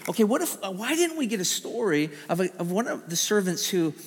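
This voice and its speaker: A middle-aged man preaching a sermon, animated and stammering into restarts as he acts out the voices he quotes. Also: fairly high pitch. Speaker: pastor. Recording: long hall reverb.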